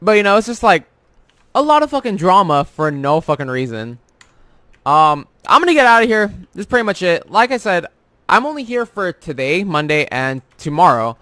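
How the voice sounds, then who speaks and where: A man's voice: sits high, very animated, normal speed, sharp tone, clean tone, dry recording. Profane young man ranting. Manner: profane, rambling storytelling with many fillers. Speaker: vlogger. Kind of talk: casual rant about work.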